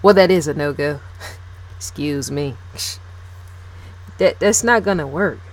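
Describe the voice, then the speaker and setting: A woman's voice: lowish voice, moderate pace. A woman talking straight to camera in a casual, opinionated commentary, blunt and emphatic, repeating herself and swearing freely. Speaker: video blogger.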